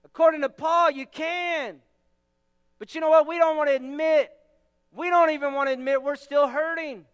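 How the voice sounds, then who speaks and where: A man pastor preaching a sermon emphatically, repeating words and shouting key phrases. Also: very high voice, fairly even intonation, moderate pace, in a large hall.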